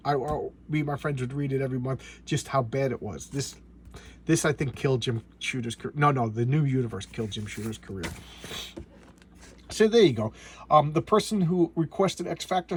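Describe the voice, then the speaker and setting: A man with a breathy-edged mid-range voice gives a casual monologue reviewing an old comic. His tone is sarcastic, and he rambles with many restarts and trailing asides.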